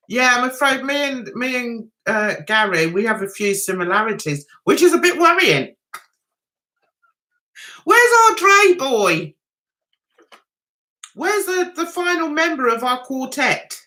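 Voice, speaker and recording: A woman's voice: a little high, very animated, a little slow, pauses often, pushed and bright. A middle-aged woman hosting a casual livestream, chatty and self-mocking, laughing often as she greets viewers. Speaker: livestream host reading viewer chat.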